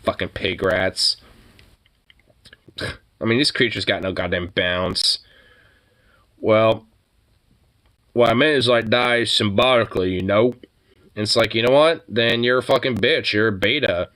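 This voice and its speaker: A man's voice: fairly low pitch, unhurried, long pauses, fairly bright tone. A man ranting casually about politics, profane and rambling, with lots of filler words. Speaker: podcast host.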